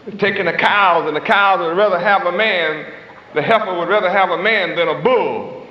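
A man preaching a sermon in a dramatic, folksy style, stretching out words for emphasis, with chuckling asides and loose grammar. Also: high-pitched. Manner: dramatic, swooping emphasis, slow drawn-out stresses. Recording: echoey hall, muffled old tape.

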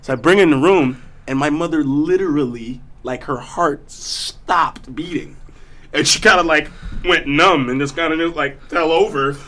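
A man's voice: on the high side, normal speed, sharp tone. A man from South Africa, a guest actor telling stories in a casual studio chat, laid-back and slangy with many fillers and restarts.

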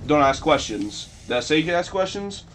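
A young let's play commentator rambles sarcastically over the game he's playing, breaking into sudden mock-dramatic outbursts. His voice is on the high side, sing-song and brisk, with a little hiss or hum in the audio.

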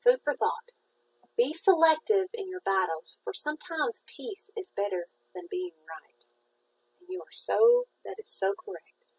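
A woman's voice: medium pitch, expressive, unhurried, darkish tone, slightly rough, rough recording. A woman, chatting casually and rambling in a folksy way while she works on a craft project. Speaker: craft vlogger.

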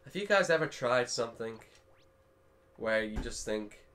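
A man's voice: medium pitch, lively intonation, a little slow, fairly bright tone. A man commentating a video game with a friend, joking, laughing often and swearing freely. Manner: joking, giggly, swears a lot. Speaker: let's play host. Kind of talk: casual gameplay commentary.

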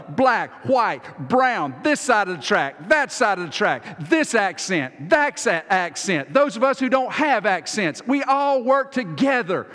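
A man's voice: high-pitched, fairly bright tone, in a large hall. A man preaching a sermon as pastor in a church sanctuary, talking in a folksy, conversational way and acting out little exchanges. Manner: folksy, acts out little dialogues.

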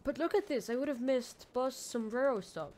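A woman streaming a video game, rambling and joking to herself, swinging from low mumbles to sudden squeals. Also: lively intonation, normal speed, a little mellow, slight background noise. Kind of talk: casual let's-play commentary.

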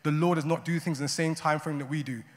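A man's voice: a little high, fairly even intonation, fast. Conversational male pastor in a reverberant hall. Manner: conversational, often adds "right?" and "you know". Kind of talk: sermon.

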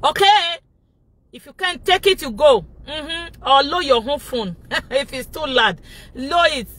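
A Nigerian woman vlogging loudly from inside a car, shouting and laughing as she rants in a casual pidgin-mixed style. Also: high voice, expressive, measured pace. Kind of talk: loud casual vlog rant.

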